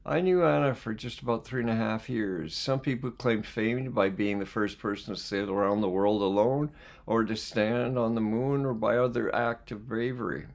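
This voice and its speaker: A man reading a book aloud as a life skills coach. He reads reflectively and pauses to put questions to his listeners. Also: fairly low pitch, creaky. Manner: reflective, poses questions to listeners between passages. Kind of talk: reading aloud with spoken asides.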